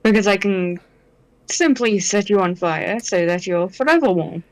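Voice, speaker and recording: A man voicing a cheerful pyromaniac shipmate who offers warmth with menace, in a high put-on voice. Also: lively intonation, moderate pace, dry recording, rough recording. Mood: gleeful.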